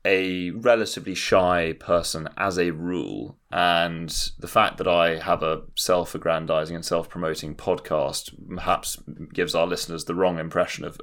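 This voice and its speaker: A man's voice: low voice, fairly even intonation, moderate pace, hardly any pauses, fairly bright tone. A man co-hosting a podcast, speaking in an articulate, wordy, self-deprecating way. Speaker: podcast co-host. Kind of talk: casual chat.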